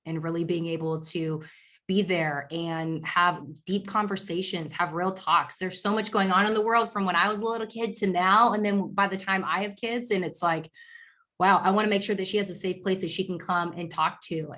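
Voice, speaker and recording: A woman's voice: on the low side, fairly bright tone. A young woman on the team, speaking in a sincere, reflective way. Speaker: team member.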